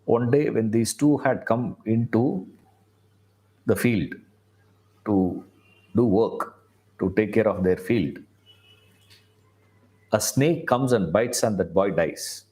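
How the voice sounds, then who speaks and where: A man's voice: on the low side, slow, long pauses, warm tone. A man, a spiritual teacher telling a story conversationally, often checking in with listeners. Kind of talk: storytelling talk.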